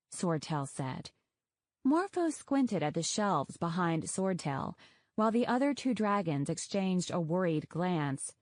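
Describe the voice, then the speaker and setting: A woman narrating an audiobook in a measured, even way. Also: fairly low pitch, no room sound, studio quality. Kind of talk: scripted narration.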